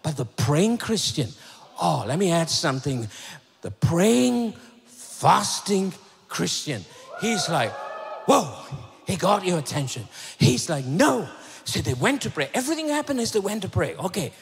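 A high-pitched, husky-voiced man preaches with fervor, his pitch swooping widely as he shouts and then drops to a near hush. The long reverb of a big church hall trails behind every phrase. His delivery is heated and rhythmic. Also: big pitch swings, measured pace. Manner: impassioned, shouting builds and sudden drops to a hush. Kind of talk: sermon.

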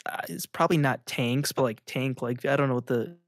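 A man's voice: medium pitch, brisk, no room sound, studio quality. A man co-hosting a podcast in casual chat, rambling and filling nearly every phrase with "like". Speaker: podcast co-host.

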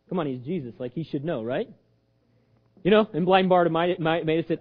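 Animated high-pitched preacher man. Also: a little fast, breathy edge, highs cut off. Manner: animated, acts out quoted voices, jokes with audience. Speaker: pastor. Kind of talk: sermon.

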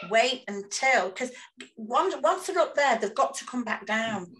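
A woman's voice: a little high, moderate pace, a bit bright, rough recording. A woman earnestly giving parenting advice in a casual discussion, sometimes repeating words as she gathers her thoughts.

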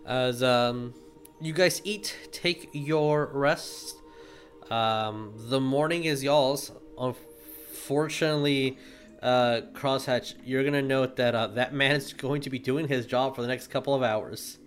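A man narrating as game master for a tabletop game, relaxed and full of fillers. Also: mid-range voice, slow, soft background music.

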